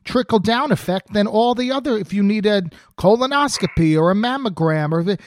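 A man hosting a podcast in casual chat, chatty and animated. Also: sits high, fairly quick, dry recording, studio quality. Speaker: podcast host.

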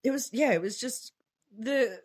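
A woman's voice: fairly high pitch, unhurried, husky. A woman co-hosting a podcast, chatting casually about films, laughing often and swearing freely. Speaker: podcast co-host. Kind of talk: casual chat reviewing films.

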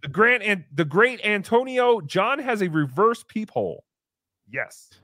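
A man hosting a casual live show, excitably chatting and reading out viewer messages. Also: high-pitched, unhurried, dry recording, studio quality. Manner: excitable, reads out paid messages. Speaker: show host.

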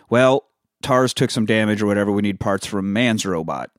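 Male podcast co-host, lower voice, dry close sound, loose profane film recap. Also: normal speed, dry recording. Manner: profanity-laced storytelling with quoted character voices.

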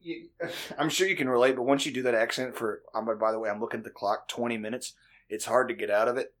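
A man's voice: medium pitch, fairly even intonation, quick pace, fairly bright tone. A man hosting a podcast, chatting casually with rambling, profane storytelling. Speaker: podcast host. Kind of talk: casual chat.

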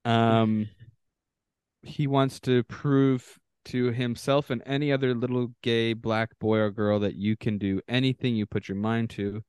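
A man's voice: mid-range voice, level tone, measured pace, darkish tone, clear, resonant tone, no room sound, studio quality. A man from Canada co-hosting a casual podcast, reading contestant bios aloud with offhand asides. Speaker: podcast co-host.

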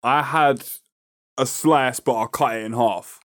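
A man's voice: mid-range voice, a little slow, a bit bright, no room sound, studio quality. A young man with a London accent co-hosting a podcast in casual, slangy banter, swearing freely and laughing often. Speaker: podcast co-host.

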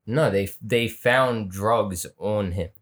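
A man's voice: on the low side, slow, a bit bright. A man chatting on a podcast, venting with emphatic exasperation about city crime. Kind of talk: casual chat.

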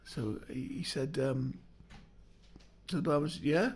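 An older man, a comedian telling rambling pub anecdotes and old gags in casual chat, slipping into quick character voices. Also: mid-range voice, gravelly, husky. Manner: rambling joke-telling storyteller with quick impressions. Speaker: comedian guest.

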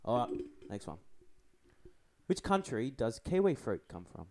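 A man's voice: medium pitch, very animated, measured pace, dark tone. A man hosting a podcast and running a trivia quiz in casual chat, teasing and swearing, often laughing.

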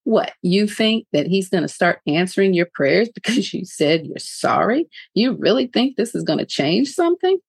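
A woman's voice: mid-range voice, sing-song, moderate pace, gravelly, hardly any pauses, slightly rough, no echo, clean studio sound, heavily acted. A woman voicing the skeptical little man inside her head, a male inner voice that taunts her with doubting questions. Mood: taunting.

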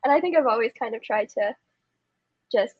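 A woman with a high voice answers on a podcast, hesitant and full of fillers, giggling between phrases. Her sound is dull and dry, with the top end rolled off. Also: lively intonation, normal speed, slightly rough, no echo. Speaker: podcast guest, comic and scientist. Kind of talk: casual chat.

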